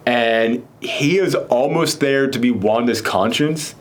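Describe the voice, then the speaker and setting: A man casually recapping a TV episode with a co-host, rambling with many fillers. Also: mid-range voice. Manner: rambling, filler-heavy, quick mock voices for characters. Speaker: podcast co-host.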